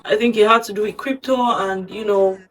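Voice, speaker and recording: A woman casually recapping a drama-filled story, gossipy and animated, acting out the quoted lines, recorded from a bit off the mic with faint music behind. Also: mid-range voice, fairly quick, far from the mic, rough recording. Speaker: storytime host.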